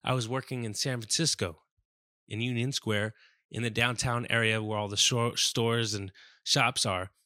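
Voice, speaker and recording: Lively, bright-voiced male podcast host. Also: mid-range voice, no room sound, studio quality. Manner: animated, swears, mouths sound effects. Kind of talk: casual comedic storytelling.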